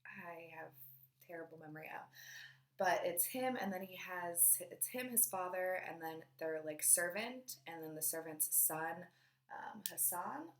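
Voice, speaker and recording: A young woman casually chatting through her monthly book wrap-up, rambling with fillers and drifting into quiet asides. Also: fairly low pitch, animated, measured pace. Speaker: book vlogger. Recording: echoey room.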